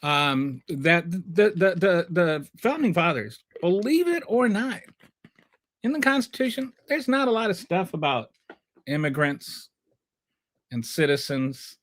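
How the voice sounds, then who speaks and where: Male political stream host with a slightly high voice who mocks his chat, argues hard and rambles between points. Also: lively intonation, unhurried, fairly bright tone. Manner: sarcastic and combative, mocks commenters. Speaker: livestream show host. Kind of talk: political commentary, answering live chat.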